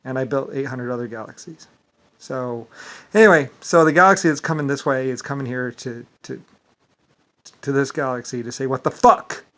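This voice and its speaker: A man's voice: medium pitch, normal speed, a bit bright. A man talking in a rambling monologue, repeating himself, stumbling over words and swearing indignantly. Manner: repetitive, stumbling, filler-heavy; profane and indignant. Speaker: vlogger.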